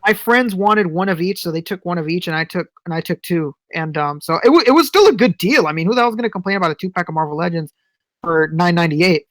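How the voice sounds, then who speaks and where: A man's voice: high-pitched, lively intonation, fast talker, a bit bright, dry recording. Profane, storytelling man on a podcast. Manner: profane storyteller, acts out quotes. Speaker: podcast co-host. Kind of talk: casual chat.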